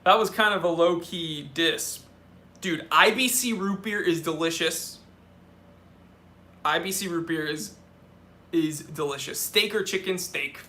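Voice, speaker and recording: A man with a high, bright voice runs a casual live Q&A, reading viewer questions aloud. He answers in a joking way, full of quick asides and restarts mid-sentence. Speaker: watch channel host.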